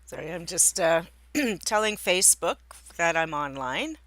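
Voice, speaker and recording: A woman's voice: lowish voice, very animated, measured pace, a bit bright, dry recording. A woman streaming live from home, chatting casually and rambling to herself as she sets up, often breaking off mid-sentence. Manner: rambling, self-interrupting, talking to herself while setting up. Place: indoors at home by a window.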